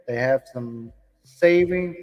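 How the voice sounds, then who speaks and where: A man's voice: mid-range voice, takes it slowly, darkish tone, big-room sound, rough recording. A man, chatting casually and joking on a live vlog, swearing as he talks. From Indiana, USA. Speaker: vlog host. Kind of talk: live-stream casual chat.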